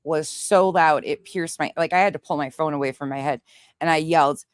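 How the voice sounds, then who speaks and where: A young woman from Montana, a livestream host chatting casually with viewers and telling a story in a profane, animated way. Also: sits low, fairly quick, dry recording, clean studio sound. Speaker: livestream host reading chat.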